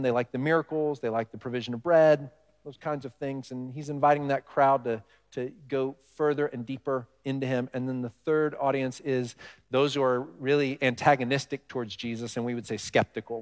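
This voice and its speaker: A male pastor delivering a sermon in a conversational way, often asking the congregation questions. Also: mid-range voice. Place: church hall with congregation. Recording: long reverb of a large hall.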